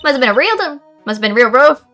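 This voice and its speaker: A woman's voice: a little high, fast talker, fairly bright tone, faint music behind, pitched above the performer's own voice, close to an everyday voice. A woman putting on a brash country-twang gal. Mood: gossipy. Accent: put-on American Southern.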